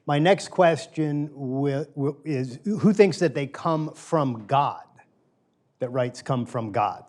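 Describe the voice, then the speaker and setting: A middle-aged man gives a conversational lecture to a small live group. His voice sits at a medium pitch. He polls the room with questions and restates his key phrases for emphasis. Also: animated, takes it slowly, darkish tone.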